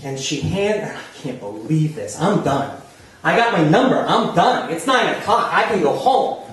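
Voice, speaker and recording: A man's voice: a little high, sing-song, normal speed, a bit bright. A man from New Jersey telling a self-mocking comic story live on a small theater stage, chatty and laughing as he goes. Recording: echoey room, voice from far off.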